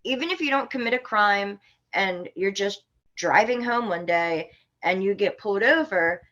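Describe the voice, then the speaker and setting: A woman from Florida tells her story as a podcast guest. She is animated and indignant, and she often breaks into sharp, exasperated outbursts. Her voice sits at an ordinary middle pitch. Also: moderate pace. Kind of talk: casual storytelling.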